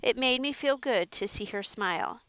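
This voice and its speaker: A woman reading a children's story aloud in a clear, steady storytelling voice. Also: fairly high pitch, normal speed, dry recording. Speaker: story reader. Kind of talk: audiobook narration.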